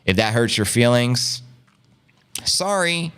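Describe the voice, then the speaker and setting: His voice is mid-range and smooth, and he takes things slowly. The man, from Long Island, New York, with a New York City area accent, hosts a relaxed live stream where he reads chat, gets animated and hyped, and calls his audience family.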